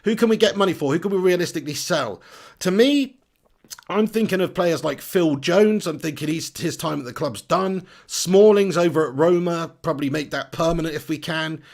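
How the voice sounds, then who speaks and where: A man hosting a live stream, chatty and energetic, reading out viewer comments. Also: on the high side, normal speed, creaky. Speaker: football fan channel host.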